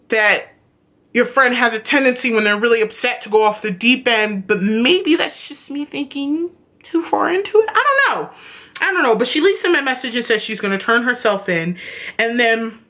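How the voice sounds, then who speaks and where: A woman recapping a TV episode in a casual vlog, excitable and swearing freely, her voice jumping higher when she gets worked up. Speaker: TV show reviewer.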